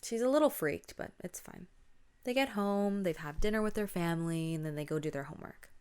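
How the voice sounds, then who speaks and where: A woman's voice: on the low side, animated, a little fast, a little mellow, smooth. A woman hosting a podcast, casually retelling a spooky story and dropping to a whisper at tense moments. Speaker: podcast host.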